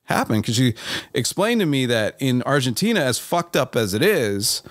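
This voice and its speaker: A man's voice: mid-range voice, big pitch swings, normal speed, no room sound. A man hosting a podcast, telling a rambling story in casual chat, full of "like" and "you know" and swearing freely. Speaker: podcast host.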